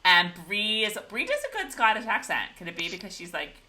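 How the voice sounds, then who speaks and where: A woman co-hosting a casual TV recap show, animated and joking as she talks. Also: medium pitch, brisk. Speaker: podcast co-host.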